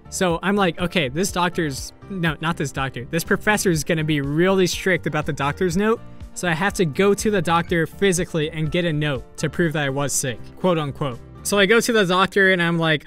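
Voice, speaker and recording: A young man with a fairly high voice spins a story in a casual, animated way, swearing freely and acting out what everyone said. Faint music runs underneath him. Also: brisk. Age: young adult. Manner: animated, swearing, acts out quotes. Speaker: YouTuber.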